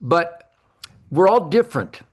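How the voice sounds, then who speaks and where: An older man, a podcast guest, telling hunting stories with emphasis, repeating words and acting out his own shouts. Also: a little high, very animated, a little slow, slightly rough. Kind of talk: animated hunting storytelling.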